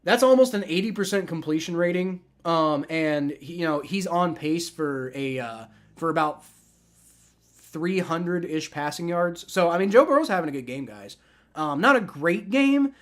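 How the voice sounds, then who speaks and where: A man hosting a live football reaction stream, talking casually and rambling, with frequent restarts and swearing. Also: on the high side. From family from the American South. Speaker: livestream host.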